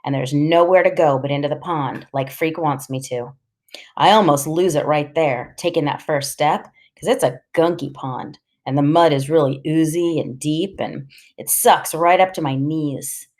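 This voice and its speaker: A woman narrating a storybook audiobook in the first person, expressive and conversational. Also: low-pitched.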